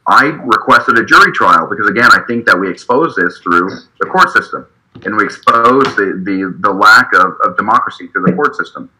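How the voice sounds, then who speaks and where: A man's voice: lowish voice, animated, brisk, pushed and bright, a little hiss or hum, poor audio. A man from Utah telling a heated, profane story in a casual political discussion, stumbling and restarting as he talks. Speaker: activist guest, state party delegate. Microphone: video call.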